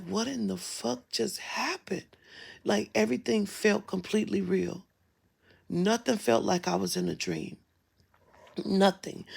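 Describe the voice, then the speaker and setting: A woman's voice: medium pitch, creaky, husky. A woman vlogger telling a personal story in casual, emphatic, profane speech, sometimes dropping to a whisper. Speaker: spiritual vlogger. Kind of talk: casual storytelling on a live stream.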